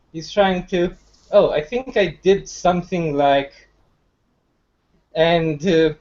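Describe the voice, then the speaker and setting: A man describes what his character does in a tabletop game, pausing often and searching for words. His voice sits a little high and comes through muffled, like an online call. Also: a little mellow. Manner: slow, searching, with many fillers. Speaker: player.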